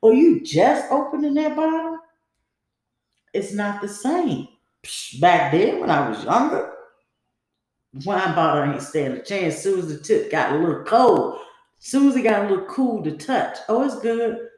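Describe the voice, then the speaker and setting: A woman's voice: medium pitch, big pitch swings, unhurried, a little mellow. A woman hosting a podcast, telling a personal story in a candid, rambling, conversational way. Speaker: podcast host. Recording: very echoey room.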